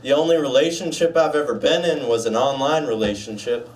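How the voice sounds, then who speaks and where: A young man doing a deadpan stand-up set with dark jokes, putting on a gruff low voice for a doctor. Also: brisk, far from the mic. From United States. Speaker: stand-up comedian. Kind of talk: stand-up set at open mic. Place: small bar stage.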